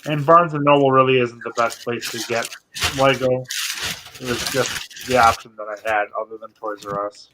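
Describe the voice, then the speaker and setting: A man's voice: medium pitch, steady tone, normal speed, background noise. A sleepy man co-hosting a casual live stream, joking dryly as he reminisces. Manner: dry and joking, tired. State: sleepy, yawning. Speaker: co-host. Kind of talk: casual chat.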